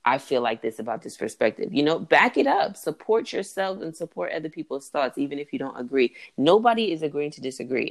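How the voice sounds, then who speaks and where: Emphatic, blunt man in casual chat. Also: mid-range voice. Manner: emphatic, swears freely, quick to agree. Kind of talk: casual conversation.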